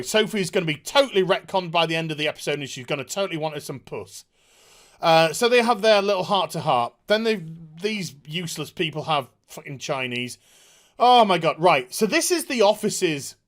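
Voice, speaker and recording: A video reviewer ranting through a TV episode review, sarcastic and profane, exasperated, sometimes shouting and mocking characters in put-on voices. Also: mid-range voice. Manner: shouts at times.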